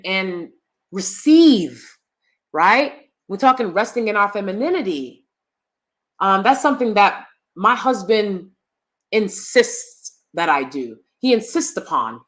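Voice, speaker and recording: A woman's voice: medium pitch, a bit bright. A woman hosting her own channel, talking in a casual commentary style, emphatic and chatty, often checking in with "you know" and "right" and repeating lines for emphasis. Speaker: channel host.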